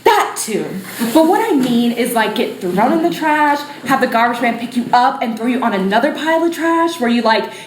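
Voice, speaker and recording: A woman's voice: on the high side, expressive, normal speed, reverberant, slight background noise, close to an everyday voice, poor audio. A woman playing a sassy, bossy personified disorder in a solo stage show, talking in brash slang. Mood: bubbly. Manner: peppy, valley-girl slang, brash.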